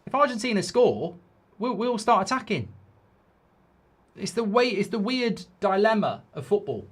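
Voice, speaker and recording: With a high, sing-song, slightly rough voice at a moderate pace, a man hosts a live football watchalong, exasperated and swearing as he rants at the game. Between outbursts he reads viewer comments aloud in this match reaction chat.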